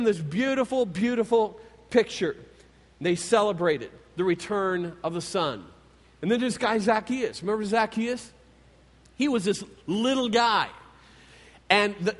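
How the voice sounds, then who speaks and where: A man preaching a sermon, retelling scripture stories in an animated storytelling manner. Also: high-pitched. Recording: long hall reverb.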